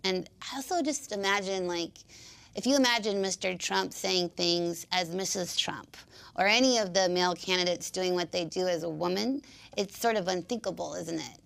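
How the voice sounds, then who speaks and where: A woman's voice: lowish voice, normal speed, gravelly, fairly bright tone. A young woman guest with an unusual speaking voice, chatting casually in an interview and restarting her sentences with fillers. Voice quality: unique speaking voice.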